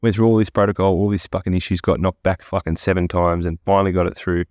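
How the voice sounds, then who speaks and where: A man's voice: deep voice, fairly even intonation, quick pace, darkish tone, no room sound, clean studio sound. A man speaking as a podcast guest, telling his story bluntly with heavy swearing. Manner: blunt, profane, candid storytelling. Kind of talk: casual podcast interview.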